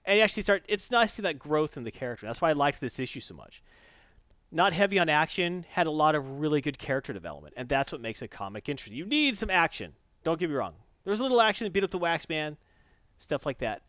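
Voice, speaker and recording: A man's voice: a little high, sing-song, fast talker, fairly bright tone, no room sound. A man casually reviewing a comic book, retelling it in a rambling, enthusiastic way, in a dull lo-fi recording.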